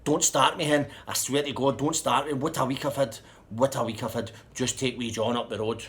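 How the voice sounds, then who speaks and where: A man voicing a hot-tempered, boastful Scottish man who swears and shouts with a Scottish accent. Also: on the low side, fairly quick, close to an everyday voice. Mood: irritated.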